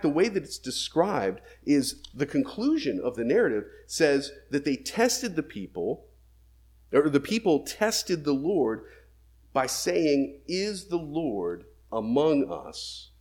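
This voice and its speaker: A man's voice: a little high, huge pitch swings, unhurried, darkish tone, breathy edge. A man preaching a sermon, reading scripture aloud and then explaining it with emphatic questions.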